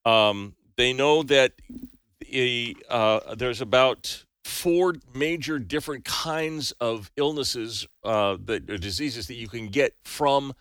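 A man's voice: medium pitch, slow, a bit bright, clean tone, dry recording. A man co-hosting a casual talk show, chatty and joking, with many restarts as he tells stories and reads out news. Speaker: news segment host.

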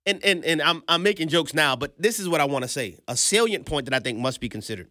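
A male show host delivers political commentary in a bright, tense voice. His pitch swings widely as he repeats his points for emphasis. The sound is dry and close to the mic. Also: animated, fast, few pauses, no echo. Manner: playful, repeats points emphatically, laughs often.

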